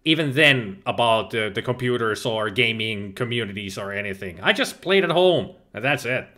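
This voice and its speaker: This livestream host from Finland chats casually as he goes through the live chat, laughing frequently and restarting words. His voice has a medium pitch, a sharp tone, and animated delivery at a moderate pace.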